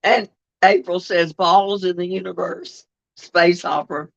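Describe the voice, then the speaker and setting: A woman's voice: on the low side, steady tone, measured pace, creaky. An older woman, chatting as host of a live-streamed trivia session, reading questions aloud and answering viewers' comments. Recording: dull lo-fi stream audio.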